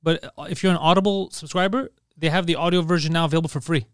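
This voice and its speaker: A man's voice: on the high side, fairly even intonation, very fast, smooth, no room sound, clean studio sound. A young man co-hosting a casual podcast, telling stories animatedly and laughing often. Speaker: podcast co-host.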